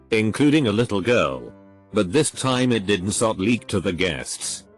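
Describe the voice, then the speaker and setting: A man narrating a run of internet forum stories in a steady, even reading voice, with faint music behind him. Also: on the low side.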